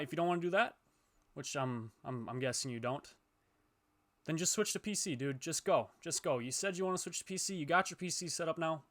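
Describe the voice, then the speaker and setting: A young man, a gaming YouTuber, ranting heatedly and profanely to his viewers, swinging between loud outbursts and low muttering. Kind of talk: ranting to camera.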